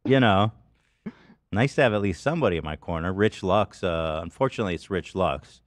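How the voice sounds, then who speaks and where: A man's voice: low-pitched, brisk, no room sound, clean studio sound. A man hosting a podcast, in casual banter, sarcastically reading listener comments aloud. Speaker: podcast host.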